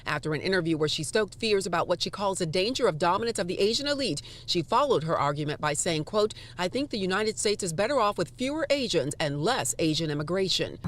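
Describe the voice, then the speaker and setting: A man delivering a broadcast news report in a measured, formal way. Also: high-pitched, lively intonation, a bit bright.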